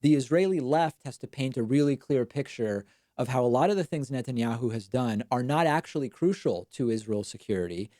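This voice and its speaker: Guy hosting a live stream, chatty and wry, reading viewer chats off a close mic, dead dry sound, mid pitch. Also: animated, dark tone, dry recording. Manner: casual, quick and wry, self-deprecating asides. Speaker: show host.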